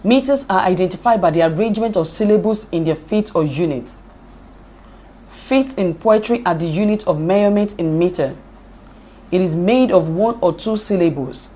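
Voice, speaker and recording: A woman reading a poetry lesson aloud from notes in a deliberate, measured way, spelling out her examples. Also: lowish voice, expressive, warm tone. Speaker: lecturer. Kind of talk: slow read-aloud lecture on poetry.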